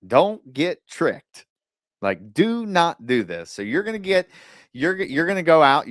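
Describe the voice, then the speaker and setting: A man hosting a podcast, giving casual advice in a blunt, animated way with the odd curse word, acting out other people's lines in quick asides. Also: lowish voice, smooth, no room sound, clean studio sound. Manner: blunt, animated storytelling with occasional swearing. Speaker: podcast host.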